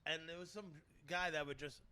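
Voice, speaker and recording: A man with a Brooklyn accent hosts a loose comedy chat, his voice sitting high for a man. He talks bright and sharp, rambling through crude stories with plenty of laughs. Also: steady tone, brisk, clean tone. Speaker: host.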